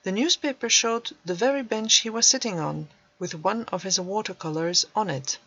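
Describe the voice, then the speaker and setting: A woman narrating a storybook in a measured, even way. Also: medium pitch, breathy edge. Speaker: audiobook narrator. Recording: dull dry recording.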